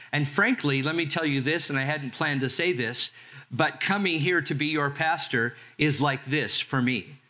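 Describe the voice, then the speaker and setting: A man in his sixties from Southern California, a pastor preaching a sermon in a conversational way and slowing down to read scripture. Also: fairly high pitch, pushed and bright. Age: 60s. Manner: conversational, reads scripture slowly.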